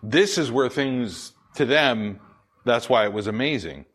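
A man's voice: mid-range voice, animated, unhurried, a bit bright. Man preaching in a casual, chatty way. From Pacific Northwest. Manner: conversational preaching, reads scripture aloud, asks and answers his own questions. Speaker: pastor. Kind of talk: sermon. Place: church with congregation laughing.

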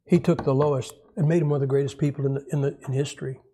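A man preaches a sermon with a steady yet racing delivery, his voice dark and husky. He keeps it folksy and conversational, asking the congregation questions and acting out quoted voices, his pitch rising as he does.

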